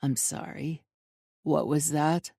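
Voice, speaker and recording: A woman voicing a dominant man, low, growly, teasing, very dry close sound. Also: fairly even intonation, slow pace, creaky, warm tone, husky, no room sound, exaggerated voice. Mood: taunting. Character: dominant commanding man, lover.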